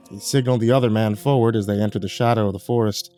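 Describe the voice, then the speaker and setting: A man's voice: lowish voice, steady tone, racing, dark tone, faint music behind. A man reading a horror story aloud in a dramatic storytelling manner. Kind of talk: scripted horror narration.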